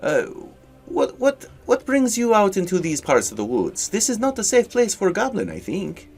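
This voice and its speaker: Hearty goblin caravan chief in a put-on Russian accent, high and lively, voiced by a man. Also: moderate pace, gravelly, breathy edge, exaggerated voice. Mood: welcoming. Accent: attempted Russian. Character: well-dressed male goblin caravan leader, friendly.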